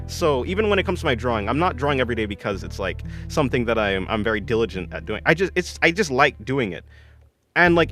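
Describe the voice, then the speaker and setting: A man's voice: mid-range voice, a bit bright. Rambling young man streaming art. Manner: rambling, self-correcting, laughs often. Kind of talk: casual stream chat answering viewers.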